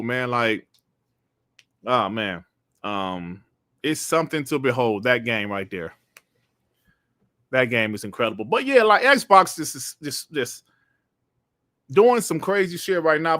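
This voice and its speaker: Middle-aged male host, casual stream chat, slangy and profane, slightly high pitch. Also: bright, forceful tone, no room sound, clean studio sound. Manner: laid-back, slangy, profane.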